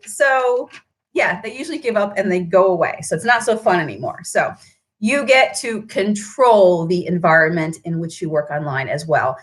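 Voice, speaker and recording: A woman's voice: medium pitch, a bit bright. A woman who runs a paint shop, chatting on a live stream, answering viewer comments and tagging her points with "right?".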